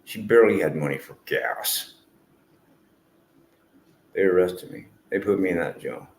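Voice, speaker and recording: A man's voice: deep voice, measured pace, a little mellow. A man who streams, giving a rambling, earnest and emotional personal testimony and swearing freely. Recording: echoey room with faint noise.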